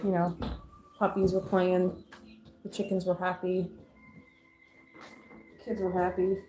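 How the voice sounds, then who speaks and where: Chatty woman streamer with a mellow voice. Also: on the low side, monotone, slow. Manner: chatty, rambling, laughs often. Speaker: crafting streamer. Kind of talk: casual chat while crafting.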